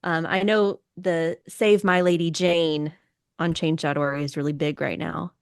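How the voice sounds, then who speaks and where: A woman's voice: low-pitched, flat delivery, unhurried, vocal fry, smooth, no room sound, studio quality. A young woman co-hosting a podcast in casual chat. She rambles with restarts and laughs as she talks. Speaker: podcast co-host.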